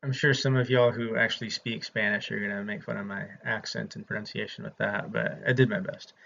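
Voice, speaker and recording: A man's voice: on the low side, little pitch movement, brisk, gravelly, fairly bright tone. A man from the American South, giving a casual, chatty history lecture to his students with frequent ums. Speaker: instructor. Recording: slightly dull lo-fi audio with faint noise.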